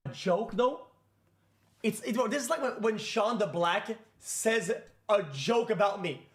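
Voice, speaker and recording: A man's voice: high-pitched, animated, measured pace, fairly bright tone. A man ranting on his own stream in a clip, sounding irritated and dismissive. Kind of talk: casual stream rant.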